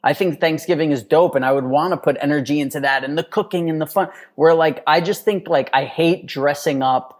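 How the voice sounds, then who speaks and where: Profane, animated young man telling stories. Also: fairly high pitch, a little fast, hardly any pauses. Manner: profane, animated storytelling with acted-out quotes. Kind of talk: casual chat.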